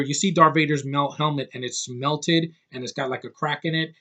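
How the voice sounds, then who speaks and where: A man's voice: on the high side, steady tone, normal speed, hardly any pauses, bright, forceful tone. Blunt, rambling man in his thirties. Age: 30s. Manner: blunt, profane, rambling with many fillers. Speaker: movie reviewer. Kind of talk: casual rant-style film review.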